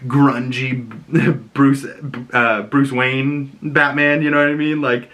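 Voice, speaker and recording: A man's voice: mid-range voice, flat delivery, slow, fairly bright tone. A young man casually reviewing a movie, chatty and rambling, laughing at his own jokes.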